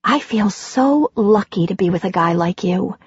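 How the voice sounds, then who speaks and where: A woman reading an audiobook and voicing a playful, affectionate middle-aged woman, lifting her voice higher for her. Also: animated, normal speed, slightly rough, no room sound, muffled recording. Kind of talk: audiobook character voice.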